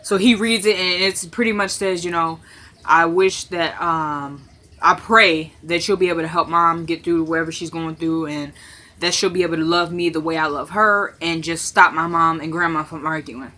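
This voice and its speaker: Recorded on a phone camera propped on something, this woman talks casually in her living room about a TV episode, performing the characters' lines as she recaps it. Her voice is deep and sharp, holding steady at a moderate pace.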